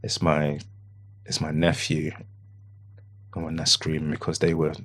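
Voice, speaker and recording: A man with a very low, deep voice tells a painful story from his own life. He speaks haltingly, repeating phrases and quoting what he said back then. He often sinks into a hushed, near-whisper tone. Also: monotone. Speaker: podcast guest. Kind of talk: emotional personal account.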